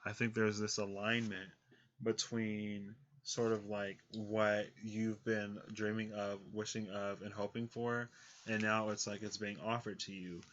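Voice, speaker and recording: A man's voice: lowish voice, level tone, unhurried, fairly bright tone, dull audio. A man giving a casual tarot reading, rambling with lots of fillers and frequent laughs. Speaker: tarot reader.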